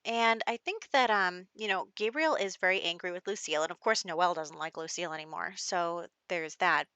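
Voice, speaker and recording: A woman plays a life-sim game and chats through it, laughing often and voicing characters now and then. Her fairly low voice is fairly quick, bright, forceful, and clean, with no room sound, though the audio is dull.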